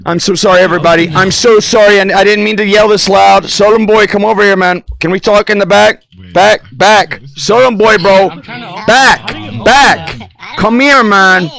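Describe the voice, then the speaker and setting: A man streaming himself in a social game, trolling other players with loud yelling and nonsense scat syllables. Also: high-pitched, normal speed, vocal fry, low-quality recording. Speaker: VRChat streamer.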